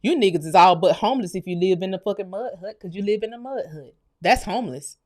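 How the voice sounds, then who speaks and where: A woman from the United States hosting her own channel, delivering a profane, heated commentary rant that swings from low muttering to shouting. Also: animated, fast. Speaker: channel host. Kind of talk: ranting commentary vlog.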